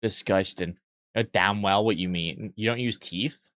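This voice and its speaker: A man's voice: lowish voice, normal speed, fairly bright tone, no room sound, studio quality. A young man streaming live, joking crudely and rambling as he reads and answers his chat.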